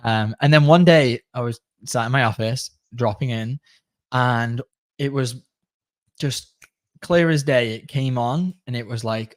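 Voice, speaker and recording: Calm man in casual chat. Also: medium pitch, unhurried, no room sound. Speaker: podcast guest. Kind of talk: casual conversation.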